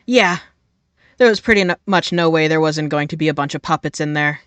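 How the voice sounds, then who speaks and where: A woman's voice: sits low, a little fast, fairly bright tone, smooth, no room sound. A young adult woman streaming a game live, reading its text aloud in a profane, playful way.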